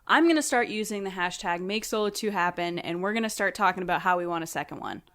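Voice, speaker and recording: A woman guest on a casual podcast, telling a story with animated energy and acting out quotes in a raised voice. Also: on the low side, quick pace.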